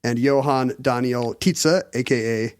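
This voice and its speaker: A man's voice: mid-range voice, a little slow, a little mellow, clean tone, dry recording, studio quality. A middle-aged man co-hosting a casual podcast, explaining history with wry jokes. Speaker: podcast co-host. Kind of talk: casual chat.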